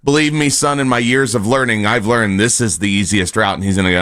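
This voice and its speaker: A man co-hosting a radio show, giving measured advice in casual banter. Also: on the low side, fairly bright tone. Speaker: radio co-host.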